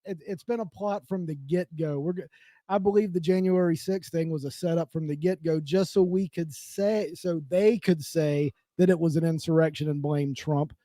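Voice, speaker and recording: A man co-hosting a podcast, chiming in with short agreements and measured political opinions. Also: fairly high pitch, steady tone, mellow, no echo. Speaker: podcast co-host. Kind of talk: casual political chat.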